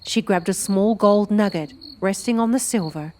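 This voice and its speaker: A woman narrating a fantasy audiobook with an expressive storytelling delivery. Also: mid-range voice, moderate pace, slight background noise. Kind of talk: scripted narration.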